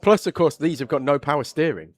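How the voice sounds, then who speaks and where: A man with an English accent doing live motorsport commentary, chatty and quick to react loudly when something happens on track. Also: on the high side. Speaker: race commentator.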